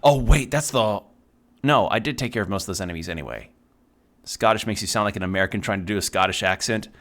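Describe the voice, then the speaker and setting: A deep-voiced man talks loosely as he plays a video game on stream. He drifts from thought to thought in relaxed, chatty asides and swears now and then without much weight behind it. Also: racing. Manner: rambling, chatty, swears casually. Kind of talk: casual chat while playing a video game.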